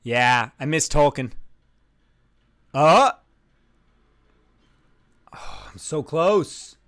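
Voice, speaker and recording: A male streamer talks casually with his viewers while playing a trivia game. His pitch swings widely and animatedly, and he keeps breaking into loud, sweary outbursts whenever he gets an answer wrong. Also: very slow, clean tone. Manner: excitable, loud outbursts and swearing when losing.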